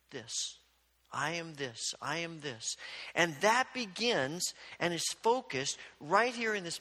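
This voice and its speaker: A man preaches in a high, ringing voice with a bright, forceful edge. He tells the scripture as a story and acts out the voices of the people in it. His words carry a long echo through a large sanctuary. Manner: storytelling preacher who acts out quoted exchanges. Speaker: pastor. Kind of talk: sermon.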